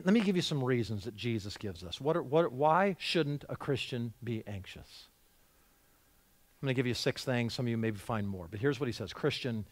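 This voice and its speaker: A man preaching a sermon as a church pastor, animated, with frequent restarts and acted-out quotes. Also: mid-range voice. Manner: animated, voices quotes with rising emphasis and repeated restarts. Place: church sanctuary.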